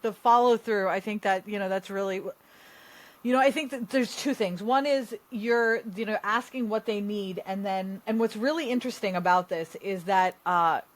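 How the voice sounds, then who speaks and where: A woman's voice: mid-range voice, normal speed. A woman hosting a podcast, speaking thoughtfully and searching for the right words. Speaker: podcast host. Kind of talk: casual conversation.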